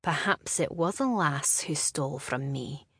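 A woman voicing a smug, teasing young Highland laird, speaking low and slow. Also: lively intonation, a bit bright, husky, dry recording, studio quality, exaggerated voice. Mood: mocking.

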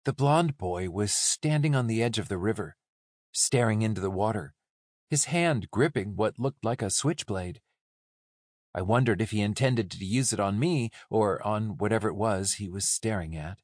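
A man narrating a first-person audiobook in a calm, measured storytelling manner. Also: fairly low pitch, no room sound, clean studio sound.

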